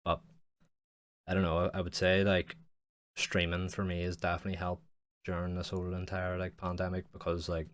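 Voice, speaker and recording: Young man, deep voice, casual rambling podcast talk, constant swearing. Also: completely flat delivery, fairly quick. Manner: rambling, heavy swearing, lots of "like". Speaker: podcast host. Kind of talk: casual solo podcast monologue.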